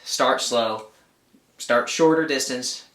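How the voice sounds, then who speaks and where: Speaking slowly in a medium-pitched, slightly bright voice, this outdoor gear channel co-host chats casually in a roomy-sounding recording. His talk wanders a bit and is full of "like."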